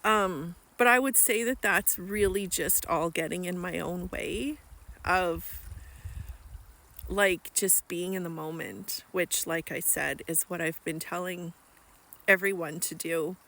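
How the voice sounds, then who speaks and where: A woman's voice: lowish voice, slow pace, creaky, pushed and bright. A middle-aged woman, an author, talking candidly to camera outdoors by a lake, cold and freezing, reflective and self-deprecating with many fillers. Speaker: author and vlogger. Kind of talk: casual reflective vlog monologue.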